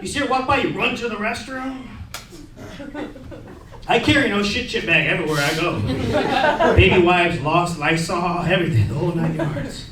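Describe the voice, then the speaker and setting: A man in his thirties works a stand-up set in a loose, profane way, calling people "bro" and "man." His voice sits high and carries from a distance. The room is echoey, and the crowd is clearly heard throughout. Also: moderate pace, pauses often. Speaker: stand-up comedian. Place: comedy club stage. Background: laughing audience.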